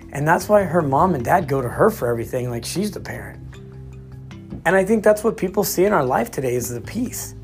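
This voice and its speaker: Man, casual devotional vlog, emphatic, conversational, faint music behind. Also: fairly high pitch. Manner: conversational, emphatic, laughs easily. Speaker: Christian vlogger.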